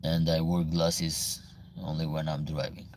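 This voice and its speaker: A man from Albania with an Albanian accent, hosting a casual livestream Q&A, reading viewer comments aloud and answering in halting, broken English. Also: rumbling low, monotone, darkish tone, slight background noise.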